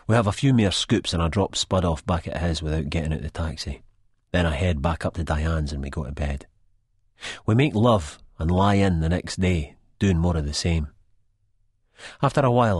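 A man's voice: a bass voice, a little mellow, husky, dry recording, clean studio sound. A man with a Scottish accent reading a first-person audiobook in a blunt, sweary, broad dialect. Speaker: audiobook narrator.

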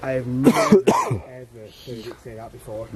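A young man chatting excitedly while camping in the woods at night. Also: medium pitch, normal speed, a crowd in the background. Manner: excitable, talks over others. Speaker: paranormal vlogger. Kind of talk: casual chat.

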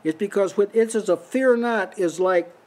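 An older man leads Bible teaching at a small house church meeting. His voice sits high for a man, and he talks in a loose, conversational way. He chuckles often and lifts his voice noticeably whenever he quotes a line. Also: brisk, darkish tone. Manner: conversational, breaks into lifted voice for quoted lines, frequent short laughs. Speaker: preacher.

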